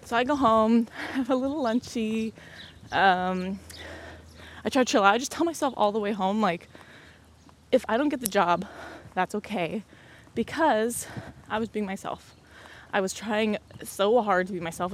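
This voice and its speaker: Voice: mid-range voice, moderate pace, slight background noise. A young adult podcast host chatting casually, laughing often and acting out what others said. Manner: laughs often, acts out quoted dialogue. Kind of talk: casual storytelling chat.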